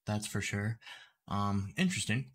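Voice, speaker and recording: A man making commentary videos who speaks deliberately clearly and explains his points step by step. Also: on the low side, expressive, a bit bright. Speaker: YouTube commentator.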